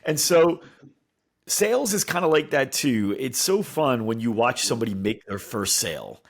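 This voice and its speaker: A man co-hosting a casual podcast chat, animated, acting out other people's lines in changing voices. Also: mid-range voice, moderate pace. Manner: animated, acts out quotes in voices. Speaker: podcast co-host.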